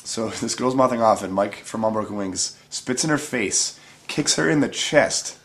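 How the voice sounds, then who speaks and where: A man telling a story in a casual interview in an animated, profane way, laughing as he goes. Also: lowish voice, normal speed.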